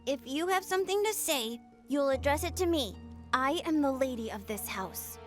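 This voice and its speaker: A woman's voice: high voice, lively intonation, normal speed, faint music behind. An earnest young girl. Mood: commanding. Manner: earnest, then firm and commanding. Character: earnest, dutiful eleven-year-old girl. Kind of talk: game voice acting.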